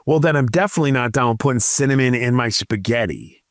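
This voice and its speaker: A man's voice: medium pitch, expressive, fast, no room sound. A man co-hosting a casual podcast, reading out listener profiles and adding dry comments. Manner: reads listener profiles aloud with dry asides. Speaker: podcast co-host.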